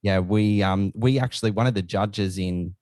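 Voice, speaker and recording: An Australian man chats with enthusiasm as a podcast guest. His voice is very deep. The recording is dry and close. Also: normal speed, darkish tone, no room sound. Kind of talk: casual chat.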